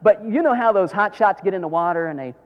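A middle-aged man, preaching a sermon as a pastor, telling stories dramatically and swinging from hushed tones to shouts. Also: sits high, lively intonation, quick pace, lo-fi sound. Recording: long hall reverb.

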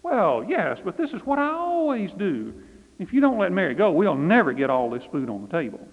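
Man playing an anxious hostess, higher pitched, lively, phone-thin and roomy. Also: moderate pace, exaggerated voice. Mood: flustered. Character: flustered fussy woman hostess, anxious. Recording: phone-like reverberant recording.

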